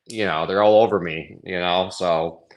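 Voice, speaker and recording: A man's voice: low voice, steady tone, moderate pace. A man, a cranberry grower, talking as a guest in a casual interview, telling things in a rambling, hesitant way.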